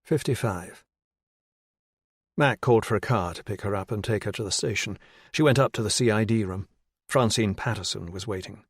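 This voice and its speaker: Measured male thriller audiobook narrator. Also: lowish voice, no echo, studio quality.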